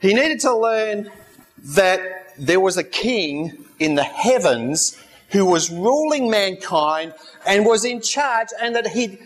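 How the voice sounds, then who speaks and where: A man's voice: high-pitched, animated, slow pace. A man preaching a sermon as a pastor, conversational, with stories, asides and light humor.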